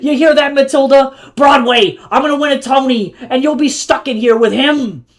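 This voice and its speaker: A man voicing an unhinged male robot in a live reading of his own novel, yelling melodramatically with a put-on accent. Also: high-pitched, big pitch swings, normal speed, voice pushed up. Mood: furious, melodramatic. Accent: put-on Terran accent.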